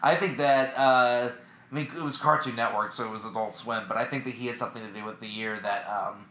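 A man's voice: mid-range voice, steady tone, fairly quick, bright, forceful tone. A man in his thirties co-hosting a podcast, chatting casually with wisecracks and rambling asides. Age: 30s. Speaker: podcast co-host. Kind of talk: casual chat. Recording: roomy echo.

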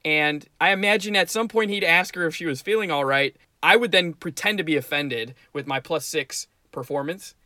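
Bright, playful male podcast host. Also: fairly high pitch, normal speed, hardly any pauses, dry recording, studio quality. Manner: playful, laughs often, jokey. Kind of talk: casual chat about tabletop game scenarios.

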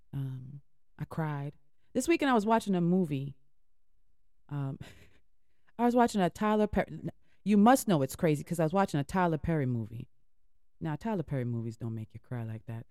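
A woman with a mellow bass voice hosts an internet radio show, offering heartfelt, encouraging inspirational talk between music and repeating phrases for emphasis. The sound is clean studio quality with no echo.

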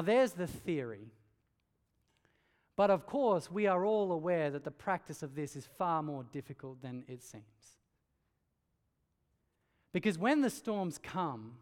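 A man preaching a sermon, earnest and emphatic, dropping low and quiet on key lines. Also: very animated, slow, long pauses. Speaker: pastor. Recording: hall reverb.

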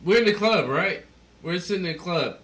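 A man's voice: high voice, animated, brisk, a bit bright. A drunk man hosting a podcast, telling a story in casual chat, acting out quotes and swearing a lot. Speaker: podcast host.

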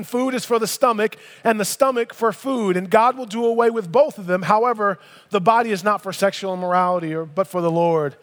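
A man in his thirties preaching a sermon in a church, reading scripture and breaking into casual, emphatic asides. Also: sits high. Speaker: pastor. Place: church sanctuary. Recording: long reverb of a large hall.

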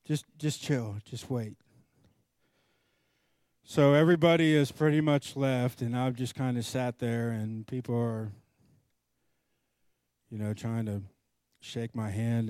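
A middle-aged man preaching with a storyteller's flair, acting out every voice in his anecdote. His voice sits at a middle pitch and swings between hushed asides and sudden loud bursts. The recording is close and dry, with no room around it. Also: unhurried, long pauses, dry recording. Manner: animated storyteller, acts out both sides of dialogue. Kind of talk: storytelling sermon.

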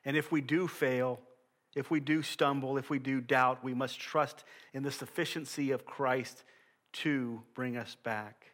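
A man preaching a sermon as pastor, reading scripture aloud in an earnest voice, often falling soft at the end of a phrase. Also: mid-range voice, fairly even intonation, measured pace.

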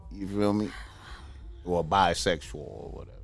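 A man with a low voice talks in loose, profane slang, his pitch rising and falling widely. He rambles through his points with plenty of restarts. Faint music plays behind him. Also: animated, moderate pace, creaky. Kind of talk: casual chat.

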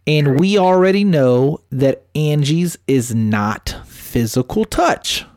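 A man's voice: a little high, lively intonation, slow, darkish tone, no echo, clean studio sound. A man hosting a casual podcast, giving relationship advice with brash, profane storytelling.

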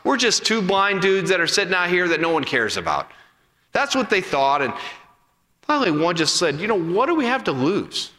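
A man preaching a sermon as pastor, telling a Bible story with acted-out voices and dropping to hushed appeals. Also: sits high, normal speed. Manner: animated storytelling, acting out voices, then hushed and intimate. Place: church sanctuary. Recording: long reverb of a hall.

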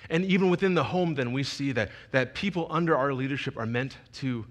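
A man's voice: mid-range voice, brisk. A young man giving a sermon as a youth pastor, telling a personal story in a conversational, emotional way with frequent restarts.

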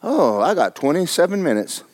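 A man, preaching a folksy, joking sermon that often jumps high in pitch for emphasis. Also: sing-song, moderate pace. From Florida. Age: 70s. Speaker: pastor.

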